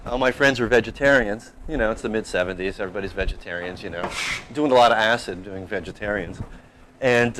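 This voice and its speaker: A man in his fifties, a chef and restaurant owner, telling anecdotes in a lively, casual way. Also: medium pitch, slight background noise, rough recording. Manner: animated anecdotal, plays out quotes. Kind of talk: casual storytelling interview.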